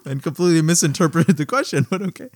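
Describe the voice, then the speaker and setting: A man's voice: a little high, fast talker, no room sound, studio quality. A man co-hosting a podcast in casual chat, laughing often and reading listener questions aloud. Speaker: podcast co-host.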